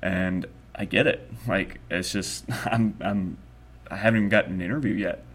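Young man, lowish voice, halting, rambling, casual chat. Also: steady tone, fairly bright tone. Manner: rambling, halting, many restarts. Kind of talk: casual conversation.

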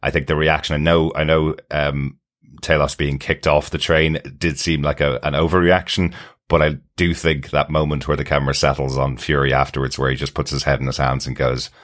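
A man's voice: rumbling low, flat delivery, brisk, a bit bright. A man co-hosting a podcast, explaining at length in casual chat with frequent fillers. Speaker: podcast co-host.

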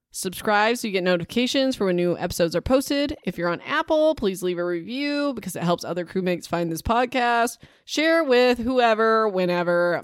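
A woman's voice: medium pitch, dry recording, clean studio sound. A young woman hosting a book podcast at home, chatting casually and rambling in a self-deprecating way. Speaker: podcast host.

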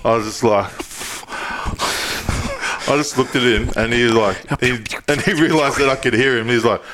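A man's voice: mid-range voice, normal speed, fairly bright tone, a little hiss or hum. A young man co-hosting a podcast, telling stories in loose casual chat and laughing often. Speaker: podcast co-host.

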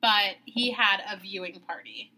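A woman's voice: mid-range voice, a little slow, pushed and bright. A young woman co-hosting a podcast in casual chat, chatty, laughing often and swearing casually. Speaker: podcast co-host.

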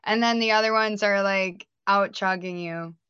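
A woman's voice: mid-range voice, steady tone, normal speed, a bit bright, clean tone, no echo. A woman telling blunt, wry stories in casual chat. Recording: dull lo-fi sound.

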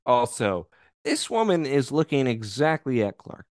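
A man with a smooth, resonant voice trades sarcastic, teasing banter in a casual podcast recap of a TV episode. He is recorded close and dry, with no room sound. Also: mid-range voice, sing-song, measured pace, no echo. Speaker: podcast co-host.

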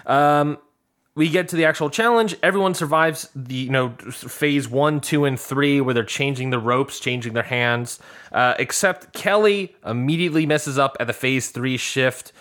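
A man's voice: mid-range voice, moderate pace, a bit bright. A man co-hosting a podcast, chatting casually and animatedly as he recaps episodes and acts out what people said. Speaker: podcast co-host.

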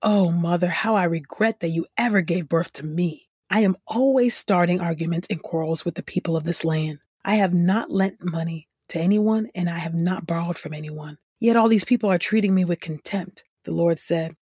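Female scripture reader, husky mid-pitch voice, earnest, close dry studio sound. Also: normal speed, few pauses, darkish tone, dry recording.

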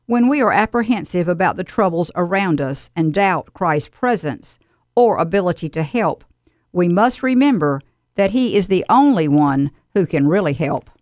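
A woman delivering a scripted radio devotional in an earnest, steady, exhorting manner. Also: on the low side, moderate pace, no echo, clean studio sound.

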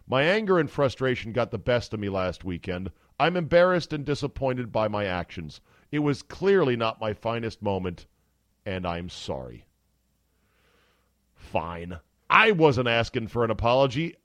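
A man hosting a sports talk podcast, giving casual, sarcastic and animated commentary. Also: medium pitch, normal speed, no room sound. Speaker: podcast host. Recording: dry close studio sound.

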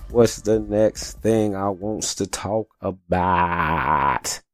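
A man's voice: low-pitched, very slow, dry recording, clean studio sound, faint music behind. A man hosting his own podcast, telling stories in a loose, profane, chatty way and often asking "you know what I'm saying". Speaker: podcast host. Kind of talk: casual storytelling monologue.

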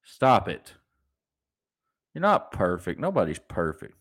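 A man's voice: low-pitched, wildly swooping pitch, takes it slowly, a bit bright. A young adult man hosting a solo podcast, ranting animatedly and mocking people in put-on voices. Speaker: podcast host.

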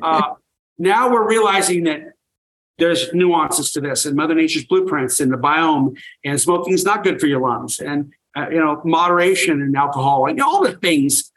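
A man's voice: fairly high pitch, expressive, normal speed, a bit bright, poor audio. An older man, a farmer and guest, telling stories with enthusiasm and emphatic repetition. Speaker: guest, raw milk farmer. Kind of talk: energetic interview talk.

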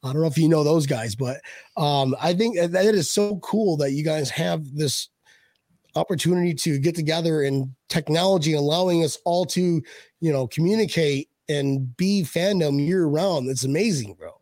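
A man's voice: fairly high pitch, normal speed, a little mellow, no echo. A man hosting a casual sports fan chat, joking and rambling with restarts. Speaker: podcast host.

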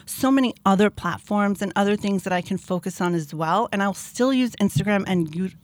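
An animated woman, chatting as an interview guest and slipping into little voices for the people in her stories. Her voice sits in a middle pitch. The sound is dry and close, with no room around it. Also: fairly quick, no room sound. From New Jersey. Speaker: podcast guest, mom influencer. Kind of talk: casual interview chat.

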